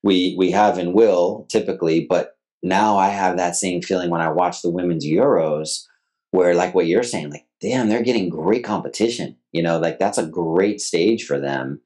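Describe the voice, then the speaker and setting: A man, a soccer coach and podcast co-host, giving measured, analytical takes in a casual sports chat. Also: low-pitched, a little mellow.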